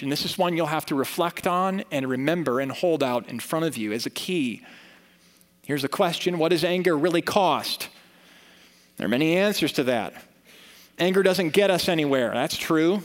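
A man's voice: fairly high pitch, expressive, normal speed. Earnest preaching man in a reverberant church. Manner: earnest, conversational preaching with rising emphasis. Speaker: pastor. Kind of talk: sermon. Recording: long reverb of a church hall.

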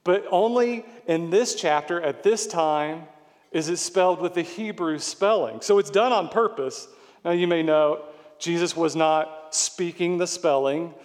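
A man's voice: fairly high pitch, a little slow, big-room sound. A middle-aged man preaching a sermon as pastor, explaining scripture in an earnest, emphatic way.

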